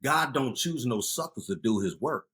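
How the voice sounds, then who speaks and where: A man in his fifties spins street stories in a casual interview with a husky, worn voice. He shifts into loud, animated bursts as he tells them, his pitch sitting in an ordinary middle range. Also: moderate pace. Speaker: guest, youth outreach founder.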